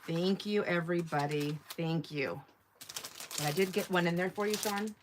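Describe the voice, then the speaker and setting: Woman, middle-aged, live-sale host, casual rambling chat, slightly low voice. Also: normal speed, noisy background. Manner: chatty and rambling, reads viewer comments aloud. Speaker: online shop owner hosting a live sale.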